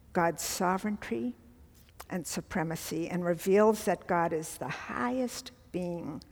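A woman's voice: fairly low pitch, in a large hall. A middle-aged woman leading a women's Bible study, teaching earnestly with emphatic asides to the group.

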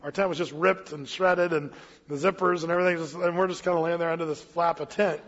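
A man preaching a casual expository sermon as pastor, mixing scripture reading with relaxed storytelling. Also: a little high, fast talker. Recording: muffled hall with long reverb.

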